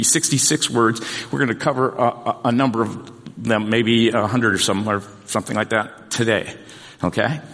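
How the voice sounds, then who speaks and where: A man preaching a sermon as pastor in a church, earnest and emphatic, slowing down and repeating key points. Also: medium pitch, fairly bright tone. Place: church sanctuary. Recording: long reverb of a large hall.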